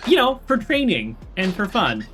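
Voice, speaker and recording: A streamer giving casual, rambling commentary while playing, self-deprecating and quick to laugh. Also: medium pitch, wildly swooping pitch, fairly bright tone, faint music behind. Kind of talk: casual livestream gameplay commentary.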